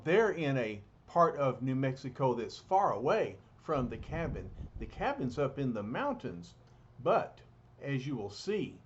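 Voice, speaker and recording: A man's voice: mid-range voice, muffled recording. Chatty man reading a comic aloud. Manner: chatty, with fillers and asides to listeners. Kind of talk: casual read-aloud with asides.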